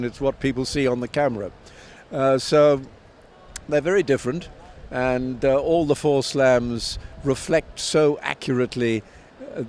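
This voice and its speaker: A man in his seventies talks at a measured pace with plenty of ums and restarts. He sounds like a veteran commentator telling stories in an interview. His voice sits in a middle pitch, with faint noise behind it. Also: a little mellow. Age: 70s. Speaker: tennis commentator and author, guest. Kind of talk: reflective interview answers.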